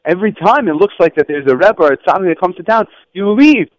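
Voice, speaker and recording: A man teaching schoolchildren through stories, lively and acting out the voices of people in them. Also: fast talker, hardly any pauses, dry recording. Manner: animated, acts out quoted voices with raised pitch. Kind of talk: storytelling lesson. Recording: dull lo-fi, dry.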